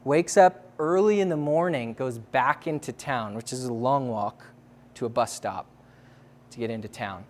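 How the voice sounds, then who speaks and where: A man telling a story to an audience in a casual, animated way, full of "like" and quick laughs. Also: mid-range voice, a little hiss or hum. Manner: casual, lots of "like", laughs between phrases. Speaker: speaker sharing a testimony.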